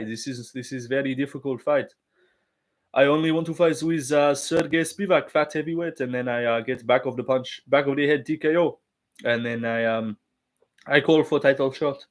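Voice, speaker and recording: A man voicing an adult male French heavyweight fighter who speaks halting, broken English in a put-on French accent. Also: mid-range voice, lightly acted. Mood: fretful.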